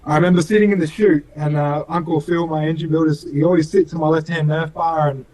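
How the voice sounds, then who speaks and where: A man's voice: a little high, steady tone, fast talker, a little mellow, low-quality recording. A young man with an Australian accent, telling racing stories in a casual interview in an earnest, rambling way, full of fillers. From Western Australia. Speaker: racing driver guest.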